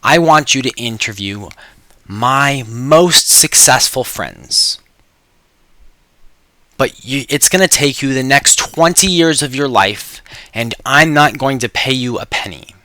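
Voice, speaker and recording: A man voicing a wealthy older male industrialist who speaks slowly and deliberately. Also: mid-range voice, animated, bright, forceful tone, dry recording.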